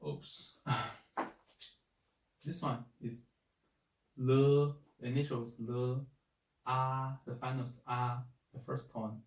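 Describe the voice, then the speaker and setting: A man teaches pinyin at a very slow, careful pace, patiently repeating each syllable several times. He sits some distance from the mic in a roomy, echoing space. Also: mid-range voice, monotone, a little mellow. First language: Chinese. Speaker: Chinese language teacher. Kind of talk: slow spoken language lesson.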